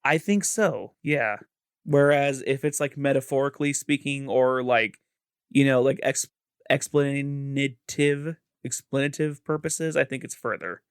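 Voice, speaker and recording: A man's voice: mid-range voice, a little slow, smooth, no echo, clean studio sound. A man co-hosting a podcast in casual chat, with a Midwestern American accent, playful and laughing often. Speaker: podcast co-host.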